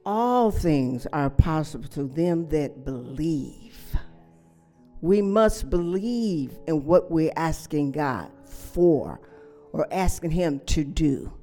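A woman's voice: sits low, lively intonation, slow, warm tone, soft background music. A woman preaching a sermon with emphatic repetition, stressing key words and adding frequent amens and hallelujahs.

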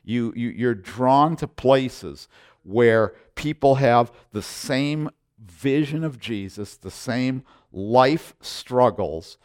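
Middle-aged male pastor, intense emphatic sermon delivery, repeats himself, mid-pitched voice. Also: takes it slowly, darkish tone. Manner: intense, emphatic preaching with repetitions and restarts.

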